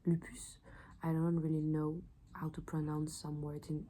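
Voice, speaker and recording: A woman's voice: sits low, monotone, normal speed, dark tone, a little hiss or hum, low-quality recording. A woman in her twenties with a French accent, a student explaining her revision notes in a hesitant, self-correcting way. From France. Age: 20s. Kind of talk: casual study explainer.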